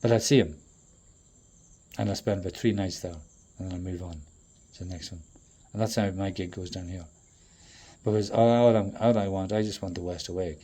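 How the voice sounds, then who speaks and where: A man in a profane, rambling monologue that swings between loud outbursts and low muttering. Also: fairly even intonation, fairly quick. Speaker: traveling performer.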